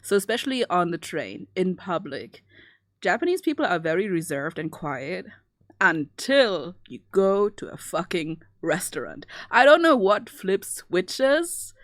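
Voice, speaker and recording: A woman's voice: fairly low pitch, lively intonation, a little slow, no echo, studio quality. A young woman with German as her first language, chatting casually and laughing often while she draws on a live stream. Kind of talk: casual chat while drawing.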